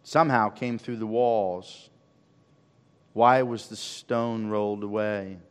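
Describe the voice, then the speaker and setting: A man preaching a sermon as pastor, swinging from loud calls to hushed asides. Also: lowish voice, steady tone, slow, clear, resonant tone. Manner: preaching with sweeping rises and drops in volume. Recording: long reverb of a large hall.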